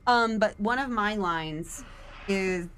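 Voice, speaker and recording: A woman's voice: medium pitch, takes it slowly, fairly bright tone, a little hiss or hum. A tired young woman, a theater actor, explaining Shakespeare in sassy casual chat, with casual swearing. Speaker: guest on a game stream, theater actor.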